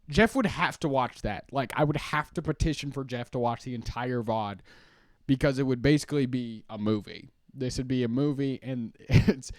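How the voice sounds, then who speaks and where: A young man hosts a live stream, chatting casually, rambling and joking, and laughing a lot. His voice is medium-pitched at a moderate pace, recorded with studio quality and no echo.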